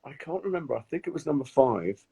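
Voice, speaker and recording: A man telling animated stories in casual chat on a live video stream, acting out the people he quotes. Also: a little high, fast, vocal fry, slightly rough. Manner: animated storyteller, acts out quoted voices. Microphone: phone or webcam on a live video call.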